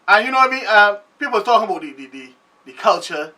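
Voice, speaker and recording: High, bright Barbadian man rambling. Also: quick pace, far from the mic. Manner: loose, rambling, animated delivery. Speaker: show host. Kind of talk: casual commentary monologue.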